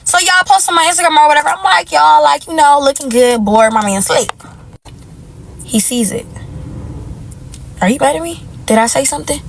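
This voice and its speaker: Animated woman telling a dating story. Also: high-pitched, moderate pace, vocal fry, pauses often, slight background noise, poor audio. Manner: animated, addresses viewers as y'all, exclaims. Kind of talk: casual story time.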